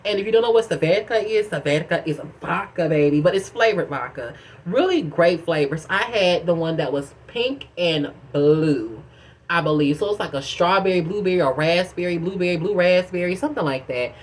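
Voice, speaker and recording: A young woman vlogger telling a personal story to camera in a casual, chatty way, keeps calling the viewer girl and y'all, with dramatic swings of pitch and loudness. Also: moderate pace.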